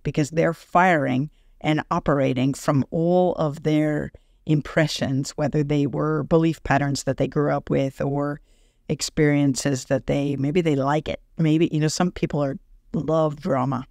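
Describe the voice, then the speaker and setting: Gravelly-voiced woman hosting a podcast. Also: measured pace, no echo, studio quality. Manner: animated, laughs often, acts out quoted thoughts in a higher voice. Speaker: podcast host and energy healer. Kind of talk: casual spoken podcast monologue.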